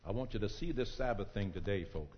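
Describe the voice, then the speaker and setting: Fiery preacher in an echoing church. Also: male voice, animated, quick pace, a little hiss or hum. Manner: preaching, swings from low murmurs to shouted climaxes, calls on congregants by name. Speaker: pastor. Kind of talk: sermon. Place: church sanctuary. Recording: dull echoing church recording.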